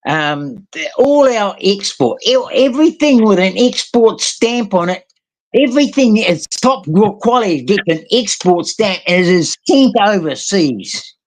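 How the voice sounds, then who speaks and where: A man's voice: high voice, lively intonation, unhurried. A man with a mixed New Zealand and Australian accent, talking heatedly in a casual voice chat, swearing often and trailing off into fillers. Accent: New Zealand and Australian mix. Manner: heated, rambling, swears a lot, many fillers. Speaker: guest in a live voice chat.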